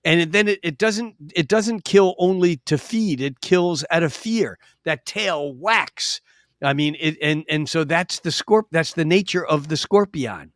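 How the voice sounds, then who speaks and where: A man's voice: a little high, a little slow, fairly bright tone, dry recording, studio quality. A man appearing as an astrologer guest on a podcast, explaining at length in an expansive storytelling way, with frequent restarts. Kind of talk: casual podcast chat. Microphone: podcast microphone.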